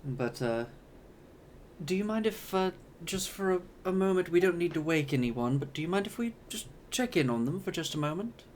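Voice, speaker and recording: A man's voice: a little high, sing-song, normal speed, a little hiss or hum, pitched above the performer's own voice. A man voicing a polite female battle sister in power armor in a tabletop game, speaking courteously and hesitantly. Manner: courteous, hesitant, many fillers.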